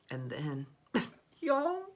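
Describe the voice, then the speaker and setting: A young man telling a dramatic storytime vlog, expressive and swearing freely. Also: fairly high pitch. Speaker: vlogger.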